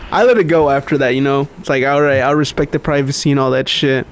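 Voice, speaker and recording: A man's voice: mid-range voice, fairly even intonation, fast talker, slight background noise. A young man co-hosting a podcast, telling a long story in casual chat, swearing constantly and laughing often. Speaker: podcast co-host.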